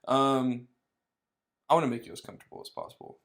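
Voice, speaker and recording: A man hosting a casual podcast from a couch, teasing his guest with deadpan jokes. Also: mid-range voice, brisk. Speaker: podcast host. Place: living room couch. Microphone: podcast microphone.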